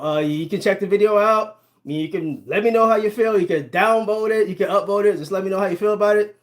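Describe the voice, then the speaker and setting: A man with a high-pitched voice hosts a casual live sports stream. He greets viewers, reads their comments and chats back loosely. He laughs easily between his points. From Ohio, US. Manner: chatty, addresses viewers directly, laughs often. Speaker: sports channel host. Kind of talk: casual livestream chat reading comments.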